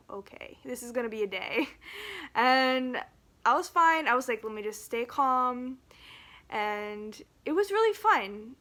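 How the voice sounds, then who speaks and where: A woman vlogging to a phone camera, rambling and halting with nervous laughs, emotional and near tears. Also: fairly high pitch, sharp tone. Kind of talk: casual talk to camera.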